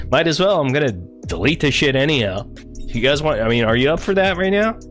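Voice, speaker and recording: A man's voice: a little high, expressive, brisk, fairly bright tone, soft background music. A man chatting crudely and tauntingly on a livestream. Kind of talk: casual livestream chat.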